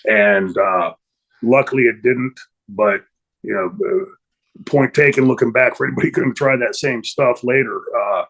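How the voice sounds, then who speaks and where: Middle-aged male interview guest, husky and rambling, mid-pitched storyteller. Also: moderate pace, fairly bright tone, rough recording. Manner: rambling, many fillers and restarts. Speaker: interview guest, former wrestler.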